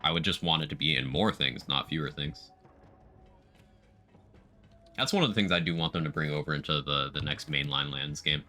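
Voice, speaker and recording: A man with a very deep voice and a bright, forceful edge chats through a live game stream. He talks casually about his build and reads out viewer chat as he plays. Faint music sits under his voice. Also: moderate pace, pauses often. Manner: chatty, reads out viewer chat while playing. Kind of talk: casual gameplay commentary.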